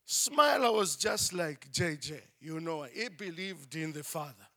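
A preacher telling a story in an animated manner, with frequent "you know" and "I mean". His voice is high and gravelly with a bright, forceful tone. He takes his time and speaks slowly. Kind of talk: sermon storytelling.

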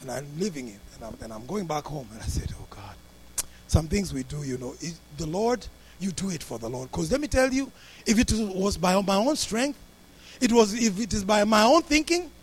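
A male pastor telling a story in a sermon, acting out the people in it with big rises and drops in loudness. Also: fairly quick, slightly rough. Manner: animated, acts out the people in his story with big swings in pitch and loudness.

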